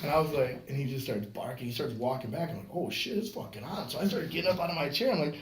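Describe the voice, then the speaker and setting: A podcast host with a medium-pitched voice tells a story casually at a quick pace, swearing a lot and animatedly acting out the voices of the people in it. The recording was made in an echoey room with faint noise.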